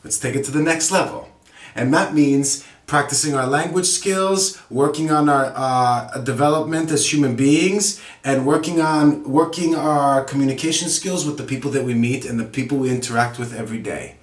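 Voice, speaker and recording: A man teaching a casual English lesson, upbeat and encouraging as he talks straight to his viewers. His voice sits at an ordinary middle pitch. The room gives it a noticeable echo. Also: normal speed. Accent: native English. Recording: roomy echo.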